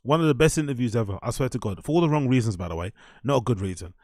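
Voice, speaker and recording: Guy streaming, swears a ton, rants then mumbles low, dry close sound. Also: animated, very fast, darkish tone, dry recording. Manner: ranting, heavy swearing; subdued and muttering after the rant. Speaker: streamer and show host. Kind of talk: live stream commentary.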